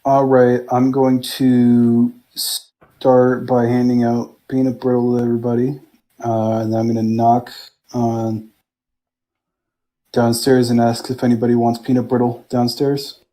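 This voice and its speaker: A man's voice: medium pitch, level tone, measured pace, warm tone. A man playing a tabletop game, talking in a casual, blunt way with fillers. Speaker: player.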